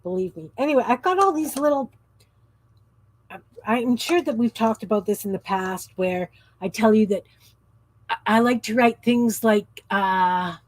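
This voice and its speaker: A woman's voice: a little high, animated, normal speed, no room sound. A woman in her fifties hosting a craft livestream, chatting casually in a rambling, easily sidetracked way. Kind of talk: casual chat while crafting.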